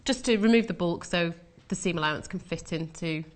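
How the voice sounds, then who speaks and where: Calm lower-voiced woman demonstrating sewing. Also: brisk, slight background noise. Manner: calm, practical explaining. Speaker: guest toy designer. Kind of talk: craft demonstration. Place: TV studio.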